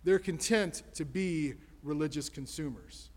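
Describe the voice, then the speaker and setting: A man's voice: fairly high pitch, measured pace, a little mellow. A man preaches from the pulpit with a slightly raised, emphatic cadence, stacking rhetorical questions one after another. His voice rings out with a long reverb tail from the church sanctuary around him. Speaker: pastor. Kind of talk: sermon.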